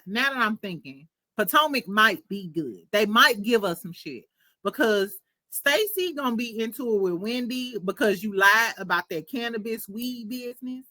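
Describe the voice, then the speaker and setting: Sassy bright-voiced woman spilling gossip. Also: on the high side, dry recording. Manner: chatty and sassy, laughs often. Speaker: podcast host. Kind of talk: casual gossip commentary.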